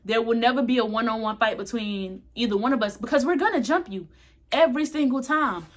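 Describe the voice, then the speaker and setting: Young woman, storytime vlogger, somewhat high voice, frank, salty, loose chatty delivery. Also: brisk. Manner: talks a bit tipsy and loose. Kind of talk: casual storytime.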